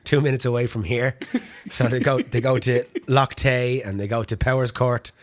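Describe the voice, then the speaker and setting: A man's voice: medium pitch, steady tone, normal speed. An Irish man co-hosting a podcast, chatting casually and laughing often. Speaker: podcast co-host. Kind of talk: casual chat.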